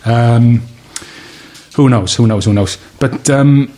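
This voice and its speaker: A man's voice: mid-range voice, slow pace, dark tone. A man from the United Kingdom hosting a casual podcast chat, rambling, swearing freely and losing his place. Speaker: podcast host.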